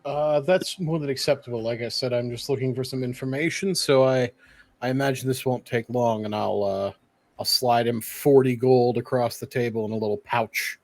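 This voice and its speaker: Calm male tabletop player. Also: medium pitch, moderate pace, dry recording. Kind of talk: in-character tabletop play.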